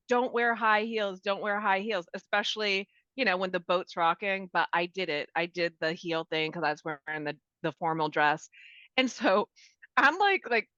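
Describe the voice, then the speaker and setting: A middle-aged woman from Maine tells cruise stories in a lively, chatty way. Her voice sits at an ordinary pitch. The recording is dry and somewhat muffled. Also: dry recording. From Maine, USA. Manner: chatty, animated storyteller. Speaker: podcast co-host. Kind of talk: casual travel chat. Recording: dull, dry lo-fi sound.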